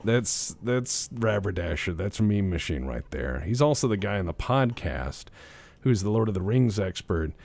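A man's voice: lowish voice, animated, moderate pace, gravelly, darkish tone. A man hosting a casual gaming stream, rambling and joking, swearing freely and restarting his sentences. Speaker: streamer host.

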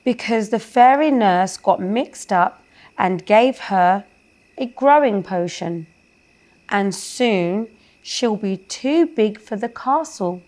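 A woman's voice: mid-range voice, expressive, slow pace, a little mellow. A woman voicing a small, worried female fairy in a children's bedtime story, pleading earnestly.

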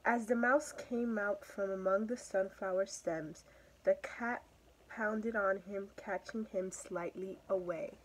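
A young woman, a student, reading a children's story aloud with steady, expressive storytelling. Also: medium pitch, takes it slowly, slight background noise, rough recording. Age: teenager or young adult. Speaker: student reader.

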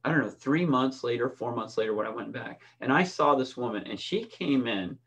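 A man's voice: mid-range voice, animated, a little fast, fairly bright tone. A middle-aged man, a swim coach, giving a conversational lesson with personal stories, often restarting and checking in with "right?". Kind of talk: instructional talk with personal stories.

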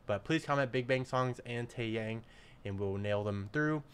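A man hosting a casual music video reaction, excitable and slangy, often bursting into hyped exclamations. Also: medium pitch, measured pace, smooth. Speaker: reaction channel host. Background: faint music.

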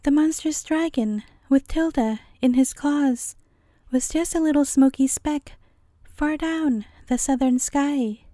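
A woman storyteller narrating a fairy tale as a bedtime story in a gentle, measured way. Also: high voice, dry recording, studio quality.

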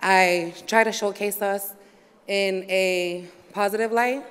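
A woman's voice: medium pitch, fairly even intonation, slow pace, clear, resonant tone. A woman from Boston giving an unprepared acceptance speech, casual and conversational with many ums. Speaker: award recipient, photographer. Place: large hall. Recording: hall with long reverb.

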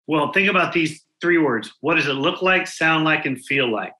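Bright, animated man telling stories. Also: on the high side, normal speed, echoey room, low-quality recording. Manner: animated, acts out quoted people in his anecdotes. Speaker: guest speaker on school culture. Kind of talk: storytelling interview answers.

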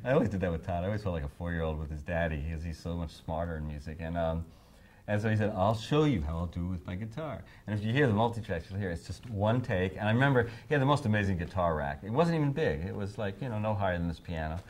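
Middle-aged male interviewee; animated raconteur who mimics others. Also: low-pitched, quick pace. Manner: animated storyteller, acts out quotes in raised voices, laughs often. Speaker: songwriter interviewee. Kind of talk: anecdotal interview storytelling.

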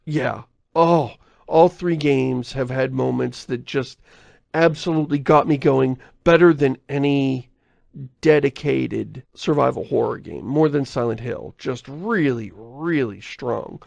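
A podcast host chatting casually in a rambling, self-interrupting way, often laughing and reading listener mail. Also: male voice, mid-range voice, unhurried, vocal fry, darkish tone, no room sound. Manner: reads listener mail aloud.

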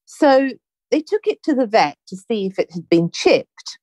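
A woman hosting a conversation, telling a story in a chatty, animated way and acting out the dialogue. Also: fairly high pitch, a little slow, dry recording. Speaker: podcast host. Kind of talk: casual anecdotal storytelling.

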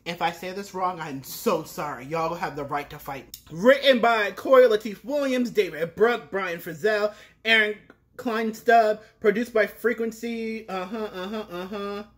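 A woman's voice: mid-range voice, unhurried. A woman in her twenties hosting a music video reaction, dramatic and flustered, with frequent exclamations. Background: music video playing.

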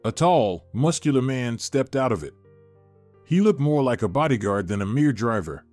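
A man reading a moral story as a measured, steady narrator. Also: mid-range voice. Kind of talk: scripted narration. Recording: dry studio voice-over with soft music. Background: faint music.

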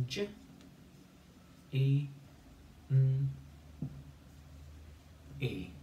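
Male phonics teacher, very slow and patient, spelling out letters, echoey room, mic at a distance. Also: mid-range voice, a little mellow, slight background noise. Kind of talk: phonics dictation lesson.

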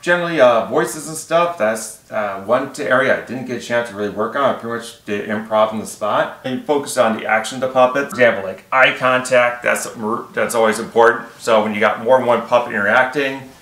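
A man's voice: mid-range voice, a little fast, hardly any pauses, a bit bright. A man talking casually about puppetry as a guest, rambling with many fillers. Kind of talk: casual interview chat. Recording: echoey room.

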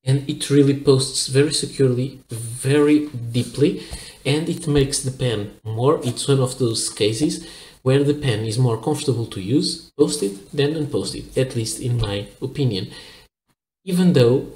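A man's voice: medium pitch, a little slow, darkish tone, reverberant, poor audio. A man from Portugal hosting a fountain pen review, explaining carefully and a little hesitantly as he shows the pen. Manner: careful, hesitant explaining while handling objects. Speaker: pen reviewer, channel host. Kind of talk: product review with demonstration.

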